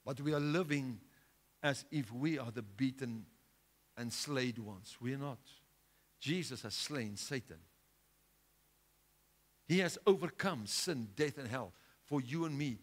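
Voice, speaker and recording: A male pastor preaching a sermon with a South African accent, swinging between loud urgent exhortation and quiet, low asides. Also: a little slow, pauses often. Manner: impassioned preaching, rising loud then dropping low.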